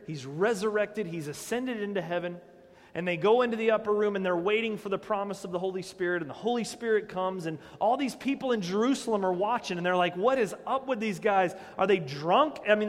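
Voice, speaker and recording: High-voiced man preaching in a reverberant hall. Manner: conversational, animated preaching with direct questions. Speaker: pastor. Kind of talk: sermon. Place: church hall.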